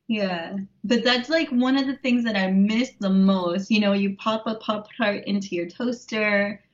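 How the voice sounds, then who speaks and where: Relaxed woman guest, dull lo-fi sound. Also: mid-range voice, slow. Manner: relaxed, laughs often, many fillers. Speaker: interview guest, home vegan cook. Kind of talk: casual interview chat.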